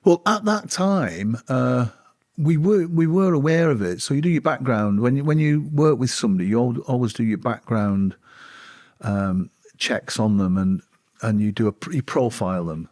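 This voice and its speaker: A man, a former bodyguard, recalling his work in a casual interview, talking in halting bursts with fillers and restarts. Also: medium pitch, darkish tone, dry recording, studio quality. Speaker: former royal bodyguard and author.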